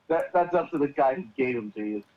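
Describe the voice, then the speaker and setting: A man's voice: medium pitch, lively intonation, moderate pace. A man co-hosting a podcast, giving short, dry, laughing reactions in casual chat. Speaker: podcast co-host. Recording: dull lo-fi sound.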